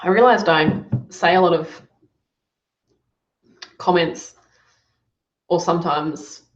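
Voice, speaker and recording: Running a live online Q&A as a business coach, a woman gives upbeat, encouraging feedback on her students' work. Her voice is lowish and slow. The recording has a roomy, dull lo-fi sound.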